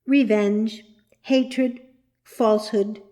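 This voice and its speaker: Dry, teasing storybook dream guide, woman reader, slow and monotonous. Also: fairly high pitch.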